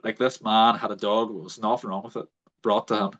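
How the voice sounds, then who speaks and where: On dull lo-fi audio, a podcast host with a voice on the low side talks fairly quickly. Telling a story in casual chat, he animatedly acts out the people he quotes.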